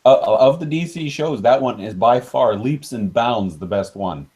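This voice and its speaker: A man's voice: medium pitch, lively intonation, a little slow, a little mellow. A man hosting a casual podcast chat, talking enthusiastically in bursts with restarts. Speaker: host.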